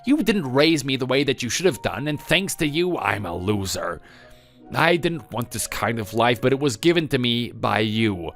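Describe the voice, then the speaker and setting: A man's voice: medium pitch, lively intonation, normal speed, fairly bright tone, soft background music. A man voicing a bitter, self-pitying grown son. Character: resentful grown son blaming his mother for his failures. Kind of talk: texting-story voice-over.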